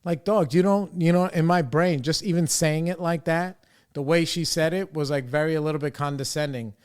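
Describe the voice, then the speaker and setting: A young man hosting a podcast tells a frustrated story casually and profanely, voicing other people's quotes himself. His voice is on the high side, clear and resonant with a darkish tone, at a normal speed.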